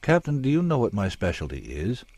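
Guy playing a jittery entomologist, wry and wary, low husky voice. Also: wildly swooping pitch, fairly quick, a little mellow, no echo, full character voice. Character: anxious, wry male entomologist, first-person hero.

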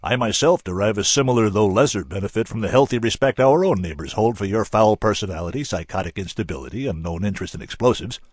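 A man voicing a hulking bearded student who speaks in long, pompous, dry sentences, with a slightly husky sound and lively pitch. A storybook figure, recorded close and dry. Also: fast talker, hardly any pauses, no room sound. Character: gruff, wordy big bearded male student.

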